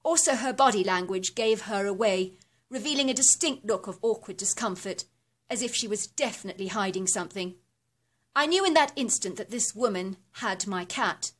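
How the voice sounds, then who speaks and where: Woman reading a horror story. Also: mid-range voice. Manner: steady, descriptive storytelling with measured lists. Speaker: narrator.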